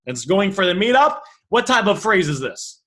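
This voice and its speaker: A man with a very high, bright voice coaching people on how to haggle. His pitch moves a lot as he walks through each message and thinks aloud, often restarting his sentences. The delivery is lively, like a teacher talking a class through examples. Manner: animated, quick restarts and repeated phrases, thinking aloud. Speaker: negotiation coach.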